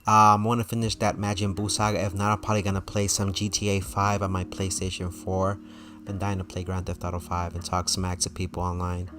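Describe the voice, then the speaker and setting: Chatty male streamer, low voice. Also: monotone, fairly quick, music in the background. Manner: chatty, laughs often, talks to chat. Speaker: gaming streamer. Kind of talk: casual live-stream chat.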